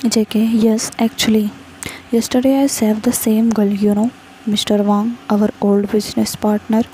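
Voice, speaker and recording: A woman voicing a friendly, cheerful young man in a fan fiction story reading, with a flat, even delivery. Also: medium pitch, normal speed, slightly rough, low-quality recording.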